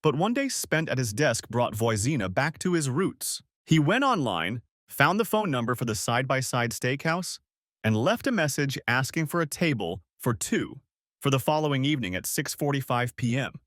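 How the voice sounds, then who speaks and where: A man reads an audiobook story with a lively, rising and falling voice. The recording is dry and close, with no room sound. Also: mid-range voice, normal speed, dry recording. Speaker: narrator.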